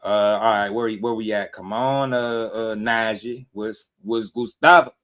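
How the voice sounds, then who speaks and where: A man hosting a casual boxing live stream, talking loose and slangy and shouting out viewers in the chat. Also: fairly low pitch, steady tone, measured pace.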